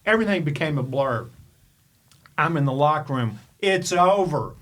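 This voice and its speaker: An older man from Kentucky, a podcast host and coach, telling a story in an animated, emphatic way and firing off rhetorical questions. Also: a little high, normal speed. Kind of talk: storytelling monologue.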